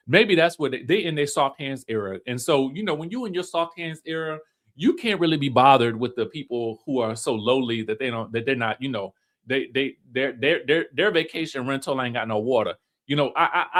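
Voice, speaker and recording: A man talks through a reality TV recap in a loose, campy way and laughs often. His voice sits a bit high and swings widely in pitch as he slips into a pampered, fussy voice. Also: expressive, normal speed, a bit bright. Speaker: reality TV commentator. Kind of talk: casual recap commentary.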